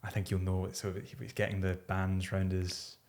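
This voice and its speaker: Very deep-voiced man. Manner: relaxed, laughs easily, quick interjections. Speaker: podcast host. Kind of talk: casual chat.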